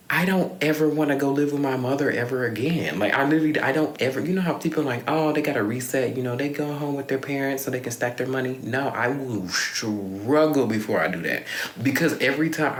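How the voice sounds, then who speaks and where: A young man talking candidly in a rambling confessional vlog, swearing freely and sighing often. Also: mid-range voice. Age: young adult. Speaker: vlogger. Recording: echoey room.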